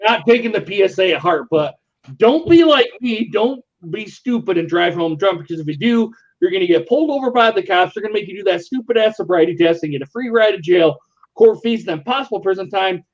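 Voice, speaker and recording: A man's voice: sits high, fast talker. A man casually telling a long, profane party story on a live stream. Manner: rambling, profane, animated retelling. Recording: lo-fi muffled stream audio.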